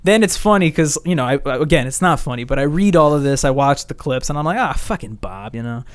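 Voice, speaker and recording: A young man hosting a casual podcast chat, telling a story in an animated way and swearing freely. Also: fairly high pitch, fast talker, clean tone, no room sound. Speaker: podcast host.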